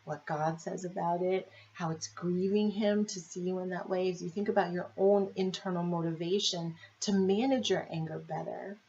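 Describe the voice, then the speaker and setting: A woman's voice: fairly low pitch, steady tone, moderate pace, hardly any pauses, a little mellow, highs cut off, slight background noise. A woman life and marriage coach talking to viewers, asking many reflective questions and often checking in with "right?". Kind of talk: coaching video monologue to viewers.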